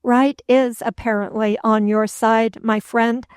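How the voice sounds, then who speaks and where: A woman playing an unflappable English gentleman in a storybook reading, cool and lightly sarcastic. Her delivery is slow and even, the pitch held flat on a somewhat high voice. The sound is dry and close. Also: clear, resonant tone, no room sound, natural voice. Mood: calmly mocking. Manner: cool, unperturbed, mildly mocking.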